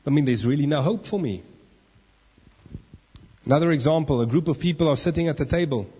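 A man preaches in a church, slipping into the inner voices of the people he describes. His voice is husky, and it rings with the long reverb of a large hall. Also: a little high, brisk. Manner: animated, acts out inner voices. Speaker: pastor. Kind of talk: sermon.

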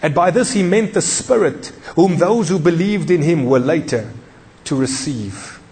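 A man preaching in a church with a fairly high voice. He drives each point home with repetition and questions to the listeners. His words ring out in a long echoing hall. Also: expressive, unhurried, a little mellow. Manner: emphatic, repeats key phrases, questions the congregation. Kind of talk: sermon.

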